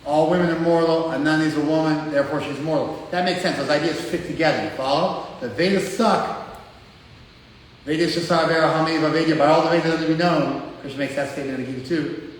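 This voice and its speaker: A man's voice: a little high, steady tone, fast talker, a little hiss or hum. A man with an American accent giving a casual, teasing spiritual lecture to a live class. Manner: joking, teasing, conversational with frequent "like". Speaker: spiritual teacher. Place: class room in front of a group. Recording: echoey hall, mic far off.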